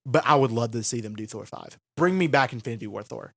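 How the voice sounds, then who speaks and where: A man's voice: medium pitch, expressive, vocal fry, fairly bright tone, no room sound. Man, podcast co-host, casual chat, eager, laughs easily, close dry mic. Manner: chatty, quick to laugh, eager.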